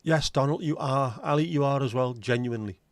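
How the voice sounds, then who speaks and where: A man's voice: medium pitch, a little fast, no room sound. Blunt Scouse man chatting. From Liverpool, England. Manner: blunt, sweary banter aimed at the chat. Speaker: livestream host. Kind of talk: casual chat with viewers.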